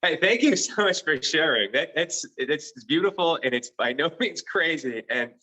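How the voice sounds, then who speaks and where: A man's voice: on the high side, lively intonation, sharp tone, rough recording. Earnest male doctor guest. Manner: earnest and enthusiastic, with quick asides. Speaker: physician guest. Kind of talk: conversational interview.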